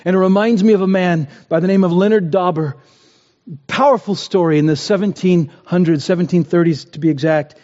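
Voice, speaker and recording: A man's voice: high voice, brisk, dark tone. A man preaching a sermon, earnest and building to impassioned pleas. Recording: dull, roomy hall sound.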